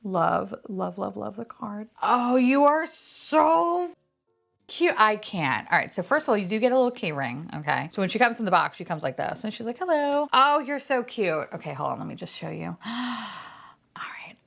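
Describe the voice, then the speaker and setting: Bubbly woman with a lively voice. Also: on the low side, brisk, creaky, husky. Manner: bubbly, swears, frequent laughs and squeals. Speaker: unboxing vlogger. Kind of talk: casual unboxing chat.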